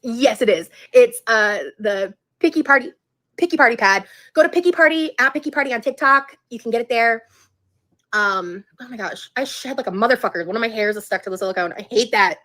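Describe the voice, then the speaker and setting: A woman's voice: on the high side, fairly quick, a bit bright. A woman chatting casually on her livestream, rambling and frank, swearing freely.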